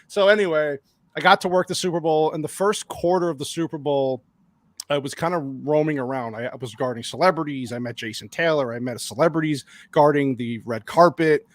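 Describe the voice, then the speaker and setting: A man guesting on a podcast, telling an excited, rambling anecdote with lots of restarts. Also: fairly high pitch, fairly quick, no echo. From lives in Arizona. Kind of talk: casual storytelling on a podcast.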